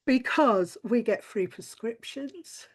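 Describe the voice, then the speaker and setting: A woman's voice: a little high, animated, slow. A woman doing a crude, chatty stand-up routine, full of "like" and swearing. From lives in Wales, not Welsh-born. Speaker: stand-up comedian.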